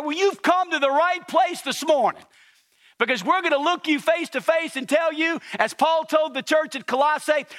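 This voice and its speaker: A man preaching from the pulpit in a high, bright, forceful voice. He hammers home repeated phrases and swells toward near-shouts as he presses each point on the congregation. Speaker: pastor. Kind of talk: sermon. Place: church service.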